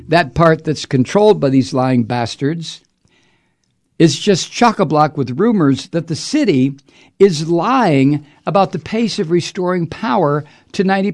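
Gravelly, profane political commentator man. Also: a little high, lively intonation, measured pace, darkish tone. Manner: profane, sarcastic, indignant. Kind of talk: angry political monologue.

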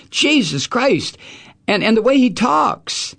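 A man's voice: very high-pitched, sing-song, slow, gravelly, fairly bright tone. Furious profane middle-aged man ranting. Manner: angry, profane, sarcastic. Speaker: talk radio host. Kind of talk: political rant.

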